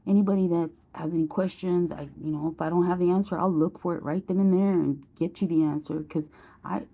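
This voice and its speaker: Woman, 40s, husky and mellow, blunt vlogger who swears freely. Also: on the low side, fairly even intonation, fast. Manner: blunt, emotional, swears casually. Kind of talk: candid personal vlog.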